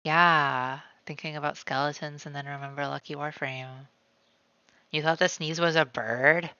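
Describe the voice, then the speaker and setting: Gravelly, bright-voiced man chatting on stream. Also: on the high side, steady tone, normal speed, no room sound, lo-fi sound. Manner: calls himself by name in the third person; rambling, many "like" fillers. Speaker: streamer drawing live. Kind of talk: casual chat while drawing. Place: at home, cat nearby.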